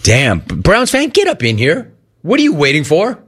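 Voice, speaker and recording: A man's voice: a little high, wildly swooping pitch, normal speed, fairly bright tone, slightly rough. A man hosting sports talk radio, ranting in a sarcastic, mocking way.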